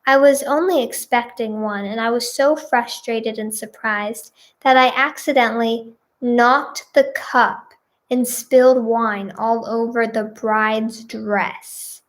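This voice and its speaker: A woman's voice: on the high side, fairly even intonation, slow pace. A woman giving casual reaction commentary, reading posts aloud with giggly, exclamatory remarks. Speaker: singer and video creator.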